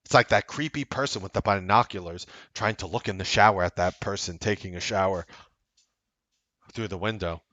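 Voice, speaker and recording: A man hosting a trading livestream, talking bluntly and sarcastically, swinging from loud outbursts to low asides. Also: brisk, no echo, highs cut off. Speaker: trading coach and livestream host. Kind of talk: unscripted livestream commentary.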